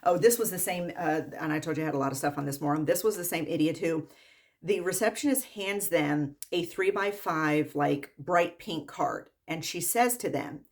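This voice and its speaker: An exasperated woman rants to the camera about her patients in a slightly low voice. She repeats herself with disbelief and fires off long lists one after another. The delivery is an unscripted vlog monologue. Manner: exasperated, repetitive, rapid-fire lists. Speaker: medical worker.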